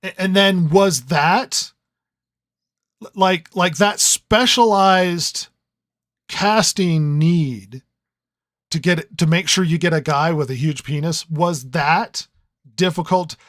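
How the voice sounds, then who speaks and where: A man's voice: fairly high pitch, slow pace, fairly bright tone, no echo, studio quality. A man co-hosting a podcast review in casual chat, rambling and riffing with lots of stammered restarts. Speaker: podcast co-host.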